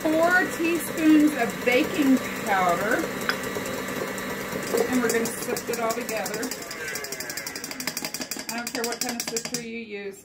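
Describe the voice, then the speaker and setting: A fairly high-voiced woman hosts a relaxed cooking lesson, chatting and teasing as she goes. A loud electric mixer whirs under her voice in the home kitchen. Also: unhurried, pauses often, very noisy. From New Mexico. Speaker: cooking show host. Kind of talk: casual cooking demonstration.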